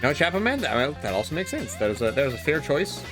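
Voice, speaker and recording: A man's voice: a little high, sing-song, fast, music in the background. A man streaming himself reading a visual novel aloud, chatty, swearing casually and reacting to the story.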